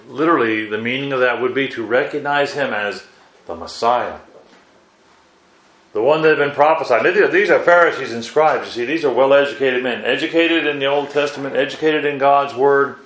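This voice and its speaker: Preacher with a roomy, echoey sound. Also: male voice, mid-range voice, a bit bright. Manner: asks the listeners rhetorical questions; exclaims "wow" between points. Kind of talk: Bible sermon.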